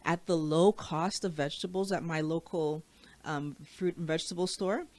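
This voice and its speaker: A woman talking casually as co-host, chatty and quick to laugh at herself. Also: low-pitched, fairly even intonation, a little mellow. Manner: chatty, laughs easily, self-correcting. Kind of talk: casual chat.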